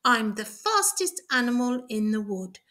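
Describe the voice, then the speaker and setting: A woman voicing a boastful, noisy male hare in a storybook read-aloud, loud and gloating. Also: on the high side, very animated, a little slow, heavily acted.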